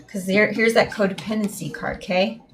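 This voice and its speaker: A woman's voice: mid-range voice, fairly even intonation, normal speed. Meandering woman doing a tarot reading. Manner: meandering, repetitive, heartfelt. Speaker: tarot reader.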